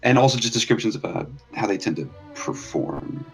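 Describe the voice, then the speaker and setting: Low-voiced man playing a tabletop game. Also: expressive, brisk, gravelly, slightly rough, faint music behind, poor audio. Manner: thinking aloud, listing things. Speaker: player.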